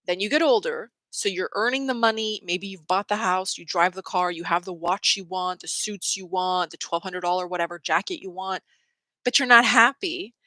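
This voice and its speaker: Bright, opinionated woman host. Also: fairly low pitch, normal speed, no echo, low-quality recording. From Canada. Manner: opinionated, quotes people in mocking voices. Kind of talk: casual spiritual talk.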